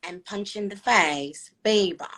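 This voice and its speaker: A woman's voice: mid-range voice, measured pace. A woman with a New York accent hosting a live stream, chatting casually with many fillers. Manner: chatty, animated, lots of fillers.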